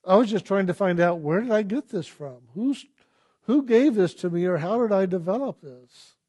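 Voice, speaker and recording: A man giving a reflective spiritual talk, telling personal stories and asking gentle, searching questions. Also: high voice, lively intonation, moderate pace. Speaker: spiritual teacher.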